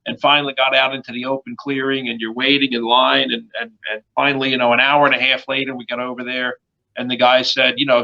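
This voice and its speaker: A man with a Northern US accent hosts a podcast interview and tells a lively story in a chatty way. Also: medium pitch, quick pace, vocal fry. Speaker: podcast host. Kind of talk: casual interview chat. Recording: dull lo-fi sound.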